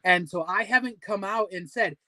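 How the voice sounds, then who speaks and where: A man's voice: high voice, moderate pace, pushed and bright, no echo. A man in his forties hosting a casual livestream weight-loss support chat, rambling and full of fillers as he pep-talks his viewers. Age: 40s. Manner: rambling, filler-heavy, motivational.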